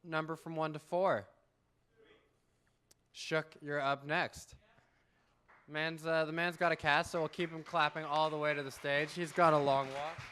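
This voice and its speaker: A man's voice: fairly high pitch, flat delivery, unhurried, long pauses, sharp tone, a little hiss or hum. A man hosting a live university poetry slam, joking with the crowd and counting down to each poet. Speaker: slam emcee. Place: university event hall.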